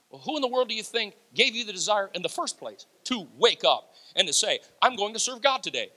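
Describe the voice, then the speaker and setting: Male pastor, energetic sermon delivery, bright tone. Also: high voice, a little fast, few pauses. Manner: animated preaching, laughs, acts out quotes.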